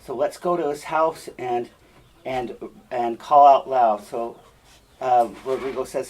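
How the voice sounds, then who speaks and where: A man's voice: mid-range voice, steady tone, takes it slowly, a little mellow. A male teacher giving a classroom lecture. He explains step by step and often checks in with the class.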